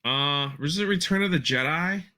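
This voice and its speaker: A man's voice: fairly high pitch, normal speed, pushed and bright. A man hosting a casual podcast chat, rambling and repeating himself as he talks through a show episode. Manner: rambling, repeats words, quotes lines with feeling. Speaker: podcast host breaking down an episode.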